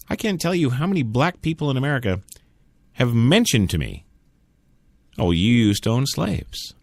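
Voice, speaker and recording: A man holds forth alone on his talk radio show, sarcastic and opinionated. His pitch leaps up and down with a lot of life. The sound is dry and close, right on a studio mic. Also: no echo. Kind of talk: solo talk radio monologue.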